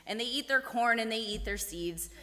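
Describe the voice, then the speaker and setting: Lady telling a story to kids in a synagogue, high and lively, pretty echoey. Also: moderate pace. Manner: animated, asks the kids questions. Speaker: children's storyteller. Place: synagogue sanctuary. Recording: echoey hall.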